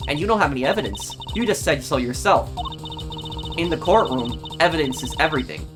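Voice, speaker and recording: A man's voice: on the high side, animated, brisk, close to an everyday voice. A condescending female warden with a shaky French accent, as a man puts her on, purring every line like it bores her. Game music plays underneath the voice. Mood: smug. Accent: attempted French. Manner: purring, condescending, calls people darling. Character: smug scheming woman prison warden.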